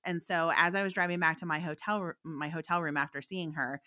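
A woman's voice: low-pitched, fairly quick, bright, forceful tone. A woman, a psychic medium guest, telling a story in a candid, chatty way and laughing often. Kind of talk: casual anecdotal storytelling.

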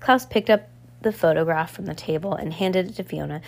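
A woman's voice: on the low side, a little fast, gravelly. A woman reading a children's novel aloud, casual, correcting her own slips as she goes. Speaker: audiobook reader.

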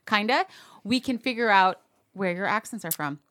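A woman's voice: medium pitch, expressive, moderate pace, fairly bright tone. A woman hosting a podcast in a studio, chatty and teasing, with an upbeat manner. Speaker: podcast host. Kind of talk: casual podcast chat.

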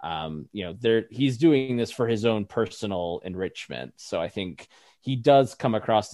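A man with a fairly low voice co-hosts a review podcast in easy, chatty talk. He laughs often and leans on fillers, and the sound is close and dry. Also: a little mellow, no echo. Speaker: podcast co-host. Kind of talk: casual review chat.

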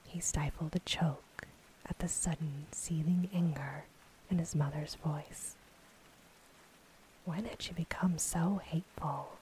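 A woman whispering a calm, steady storybook narration in a whispered role-play. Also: sits low, slow, slight background noise, poor audio.

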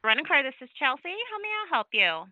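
A woman's voice: high voice, sing-song, quick pace, pushed and bright, lo-fi sound. A woman working as a car rental agent on the phone, polite but stammering and confused. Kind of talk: phone customer service.

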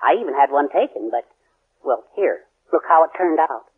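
A man's voice: fairly high pitch, expressive, normal speed, husky. An actor playing a meek, hesitant middle-aged father in a 1940s radio sitcom. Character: meek bumbling father of the family. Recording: tinny old radio broadcast.

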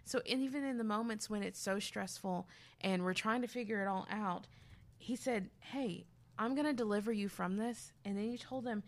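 A woman co-hosting a casual faith talk, telling lively stories and acting out what people said. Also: mid-range voice, moderate pace. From grew up youngest of five. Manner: animated storytelling, acting out quotes. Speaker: podcast co-host.

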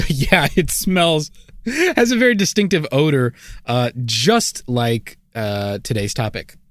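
A man's voice: medium pitch, slow pace, fairly bright tone, dry recording, studio quality. A man co-hosting a comedy podcast, chatting playfully and going along with the bit. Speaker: podcast co-host. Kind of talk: casual podcast chat.

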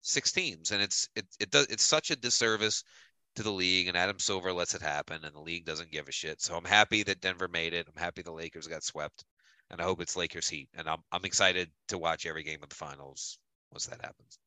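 A man's voice: sits low, a little fast, pushed and bright, no echo, poor audio. A man co-hosting a podcast in casual chat, blunt and profane when he rants. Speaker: podcast co-host.

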